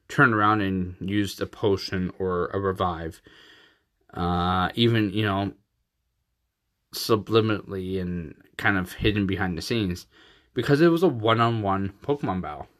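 Slow, low-voiced laughing male podcast host. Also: fairly bright tone. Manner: rambling, joking, laughs often. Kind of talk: casual episode recap and sponsor read.

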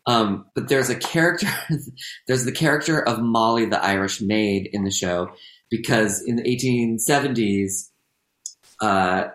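A man's voice: lowish voice, measured pace, a bit bright. Male co-host, rambly chat, echoey room. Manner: rambling, full of fillers and self-corrections. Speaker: podcast co-host and stage performer. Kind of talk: casual chat.

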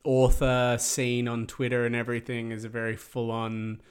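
A man's voice: medium pitch, completely flat delivery, normal speed, clear, resonant tone. Guy rambling on a podcast, lots of likes and ums. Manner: rambling, lots of fillers and hedges. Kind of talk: casual chat.

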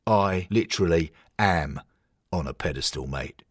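A man's voice: sits low, a little slow, dry recording, studio quality. A man doing a smug, blokey footballer figurine. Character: cocky male miniature footballer statue.

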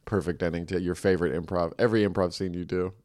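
A man co-hosting a podcast in casual chat, riffing deadpan and improvising silly bits. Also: deep voice, fast talker. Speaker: podcast co-host.

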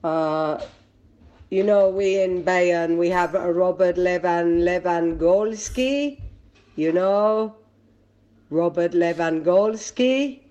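A woman doing a drawn-out Bavarian fan. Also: lowish voice, dark tone, dull audio. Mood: hesitant. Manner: slow, drawn-out delivery. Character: Bavarian football fan, slight impression. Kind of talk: comic impression clip.

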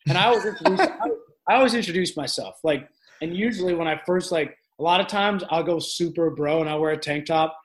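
A man's voice: fairly high pitch, a little fast. Brash, swearing young male fitness coach. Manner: brash, profane, energetic storyteller. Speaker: fitness instructor, podcast guest. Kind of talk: casual podcast chat.

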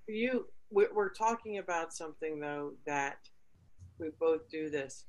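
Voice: mid-range voice, steady tone, unhurried, poor audio. A host who is a coach and Reiki practitioner, speaking earnestly in casual conversation and repeating key words for emphasis.

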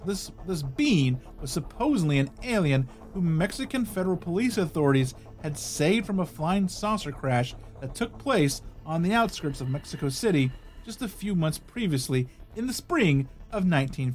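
A man's voice: on the high side, sing-song, normal speed, few pauses, a little mellow. A man hosting a podcast, reading an article aloud and breaking in with casual asides and small restarts. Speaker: podcast host.

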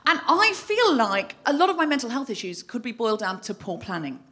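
A woman on stage at a live comedy podcast, spinning a self-mocking tale with a high, bright voice that leaps all over the place as she acts out her own shouting. It was recorded live in a venue with an audience. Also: big pitch swings, a little fast. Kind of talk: live stand-up storytelling.

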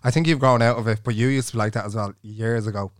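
A man's voice: fairly low pitch, steady tone, fast, no room sound, clean studio sound. A young man co-hosting a podcast, joking and blunt, swearing casually. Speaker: podcast co-host. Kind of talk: casual studio podcast chat. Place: podcast studio.

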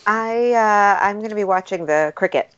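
A woman's voice: mid-range voice, normal speed. A woman co-hosting in casual banter, playful and joking, laughing often. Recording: dull lo-fi sound.

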